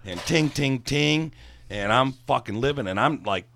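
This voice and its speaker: A man's voice: mid-range voice, a little slow, gravelly. A middle-aged man telling a long, rambling, profane story from his bartending days in casual chat. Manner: profane, rambling, animated when worked up. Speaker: guest storyteller, former bartender.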